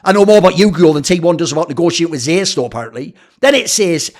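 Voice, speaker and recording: Ranting, profane man, high voice. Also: expressive, fast, a little mellow. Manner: profane, sarcastic, heated. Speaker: esports commentator. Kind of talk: ranting commentary.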